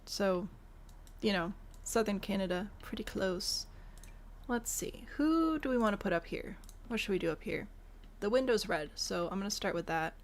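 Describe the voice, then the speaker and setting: A woman's voice: medium pitch, expressive, normal speed. Chatty woman with mild Midwestern accent. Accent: mild Midwestern American. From Michigan, US Midwest. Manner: chatty, thinks aloud and answers chat questions. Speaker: streamer. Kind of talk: casual live-stream chat while building in a game.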